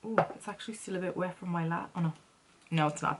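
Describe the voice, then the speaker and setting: A woman's voice: fairly low pitch, quick pace, a little hiss or hum. A woman chatting casually as she walks through a makeup tutorial, playful and talking to herself as she works. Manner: chatty, playful, talks to herself while working. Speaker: makeup vlogger.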